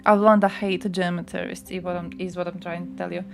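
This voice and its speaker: A woman's voice: on the low side, little pitch movement, fairly quick, vocal fry, faint music behind. Blunt, swearing young woman streamer. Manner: blunt, profane ranting. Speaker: livestreamer. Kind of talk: casual livestream chat.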